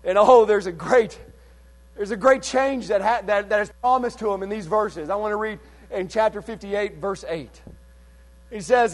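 A man preaching a fervent sermon, swinging between hushed and loud passages, and reading scripture aloud in old-fashioned wording. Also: high-pitched, normal speed. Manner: reads scripture in old King James wording.

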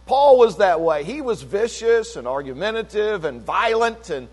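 An older man preaching and telling a story, swinging between emphatic peaks and low asides, with a lot of repetition. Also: sing-song, moderate pace, slightly rough. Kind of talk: sermon-style testimony. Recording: long hall reverb.

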